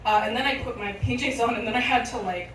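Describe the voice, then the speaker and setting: A young adult woman telling a funny story live on a club stage, animated and often laughing as she acts out voices. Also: on the high side, fast, crowd noise. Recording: echoey room, from far off, audible ambience.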